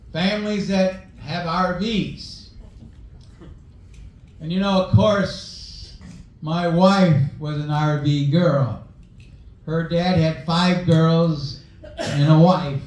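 High-voiced slow pastor in an echoey hall. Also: male voice. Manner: folksy, storytelling preacher. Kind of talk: sermon.

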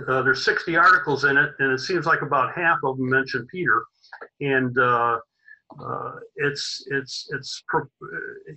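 A man hosting an online society meeting, speaking haltingly with many fillers and restarts. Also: medium pitch, sharp tone, dull audio. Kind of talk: hesitant introductory remarks.

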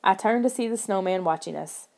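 A woman narrating a children's horror audiobook in the first person, steady and expressive. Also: medium pitch, a little fast, gravelly.

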